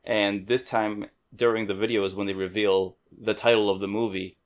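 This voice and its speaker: A man co-hosting a casual movie podcast, recounting the plot in halting fragments. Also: lowish voice, level tone. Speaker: podcast co-host. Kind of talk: casual movie review chat.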